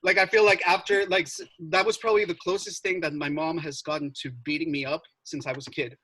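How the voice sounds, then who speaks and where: A young man telling a story in casual chat, animated, swearing and full of filler words. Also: on the high side, quick pace, breathy edge, low-quality recording. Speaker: podcast co-host.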